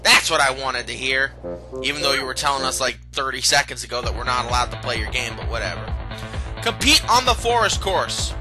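A man's voice: medium pitch, lively intonation, brisk. A man hosting a video game let's play, commenting sarcastically and reading the characters' lines in silly voices. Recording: game music playing behind.

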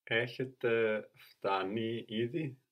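A man's voice: medium pitch, slow, a bit bright. A man answering as a student in a language lesson, giving short, careful replies. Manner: short, careful answers, sometimes self-correcting.

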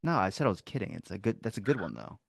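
Young man, twenties, animated storyteller, casual swearing, very expressive pitch, dry sound. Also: rapid-fire, creaky, no echo. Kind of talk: casual chat.

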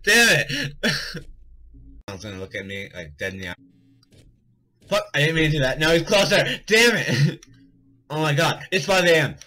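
A man's voice: on the high side, lively intonation, moderate pace, long pauses, pushed and bright, low-quality recording. A young man doing let's play commentary, panicky and swearing a lot, with frequent nervous laughter. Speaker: gaming commentator.

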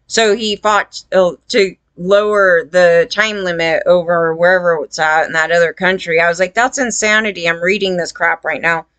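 A woman's voice: fairly low pitch, steady tone, moderate pace, few pauses, a bit bright, smooth, no echo. A woman talking to her viewers in a rambling, indignant casual monologue, full of fillers. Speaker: vlogger.

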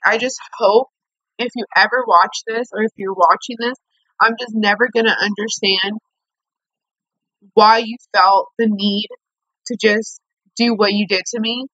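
A woman's voice: on the high side, pushed and bright, no echo, lo-fi sound. A young woman venting angrily in a storytime vlog, swearing a lot as she talks to the camera. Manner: angry venting, heavy swearing. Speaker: vlogger.

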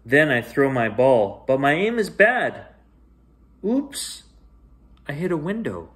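In a fairly high voice, a man slowly reads a children's bedtime story aloud. His reading is gentle and expressive, with sing-song rises and hushed drops.

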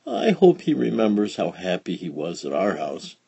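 A man reading a children's storybook aloud, voicing an eager, tender little girl in a high, pleading voice. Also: wildly swooping pitch, normal speed, vocal fry, warm tone, breathy edge, dry recording, full character voice. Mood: wistful.

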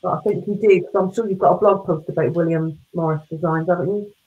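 A woman hosting a casual live interview over a video call, reading out viewer questions and chatting in a relaxed, rambling way. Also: lowish voice, fast, phone-quality sound. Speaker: host.

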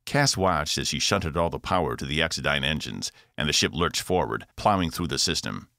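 A man, the author, narrating his own science fiction audiobook with expressive delivery. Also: extremely low pitch, a little fast, no room sound, studio quality. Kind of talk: scripted narration.

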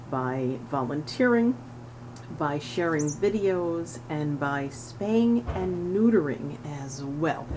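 A middle-aged woman volunteering at an animal shelter, chatting casually to the camera and cooing at a cat in a high sing-song voice, laughing often. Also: a little hiss or hum, poor audio. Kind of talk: casual vlog talking to a cat.

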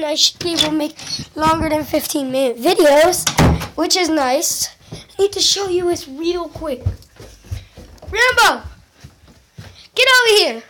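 High-voiced giggly home vlogger woman. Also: noisy background. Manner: giggly, excitable, chatty with frequent mild exclamations. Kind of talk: casual vlog chat. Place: at home indoors. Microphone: handheld camera.

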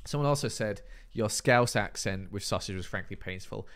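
A man's voice: on the low side, normal speed, fairly bright tone. A young man chatting casually on a game stream, teasing and reading chat messages aloud.

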